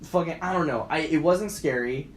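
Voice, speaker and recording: A young man co-hosting a podcast rants casually about a movie at a moderate pace, rambling and swearing, and acts out quoted lines in a higher voice. He's in an echoey room with faint background noise.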